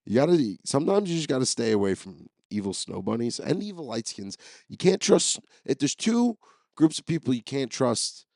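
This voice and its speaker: A man's voice: medium pitch, darkish tone, no room sound, studio quality. A man hosting a podcast, telling rambling, profane, jokey stories as a comedic solo monologue. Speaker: podcast host.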